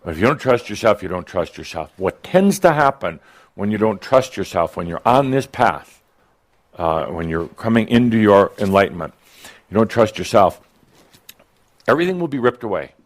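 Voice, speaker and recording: A man's voice: fairly low pitch, sing-song, normal speed. A man giving a channeled spiritual talk to a live audience, playful and teasing, laughing at his own jokes and often restarting his sentences.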